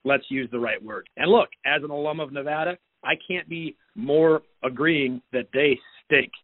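A man's voice: fairly high pitch, moderate pace, no echo. A man leaving an exasperated, profane voicemail to a podcast. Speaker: voicemail caller. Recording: tinny phone voicemail.

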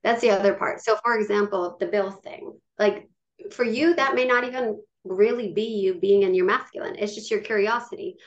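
A woman hosts a podcast, backing her guest with short affirming replies before giving her own take. The sound is somewhat muffled and dull, and her pitch sits mid-range. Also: normal speed. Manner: affirming, gives frequent short backchannel replies. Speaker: podcast host. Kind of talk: casual podcast interview.

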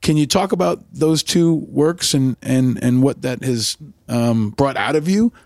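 A male interview host with an average-pitched voice who asks long, winding questions and gushes over his guest. He is recorded close up and dry. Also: animated, unhurried, darkish tone, no room sound. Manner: enthusiastic, asks long rambling questions with restarts. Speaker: podcast host.

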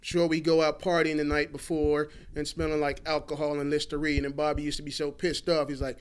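A man in his forties telling animated stories in casual talk, laughing often and swearing freely. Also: fairly high pitch, fairly quick, hardly any pauses, smooth. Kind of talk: casual storytelling.

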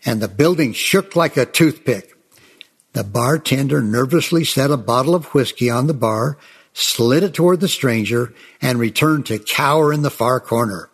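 A man's voice: medium pitch, moderate pace, slightly rough. A man telling Old West tales in a chatty, folksy way, often calling his listeners folks. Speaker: storyteller.

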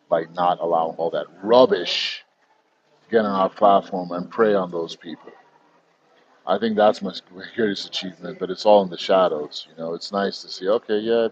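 A man's voice: low voice, dull audio. A man, talking bluntly and heatedly as an interview guest and swearing freely. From United States. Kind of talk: candid interview talk.

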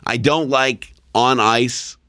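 A man's voice: medium pitch, steady tone, takes it slowly, pushed and bright, smooth, dry recording, clean studio sound. A man co-hosting a casual podcast, speaking bluntly and with strong opinions, often restarting his sentences. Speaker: podcast co-host.

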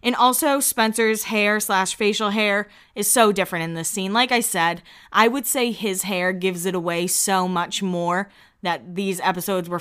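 Podcast host lady, smooth clear voice, chatty and amused, casual recap talk. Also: mid-range voice, fairly bright tone. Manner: chatty and amused, with quick asides.

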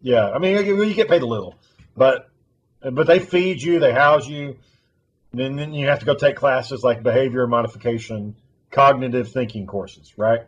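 A man's voice: mid-range voice, normal speed, breathy edge, lo-fi sound. A man telling a long story in casual chat, rambling and swearing freely.

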